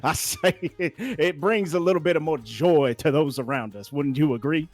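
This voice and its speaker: A game master voicing a jovial Southern gentleman with a folksy American Southern drawl, chuckling and repeating "I say". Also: on the high side, normal speed, soft background music, natural voice.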